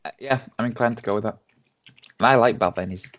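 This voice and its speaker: A man co-hosting a podcast, reading out tasting notes in a relaxed, casual chat. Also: lowish voice, fast talker, dull audio, slight background noise. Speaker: podcast co-host.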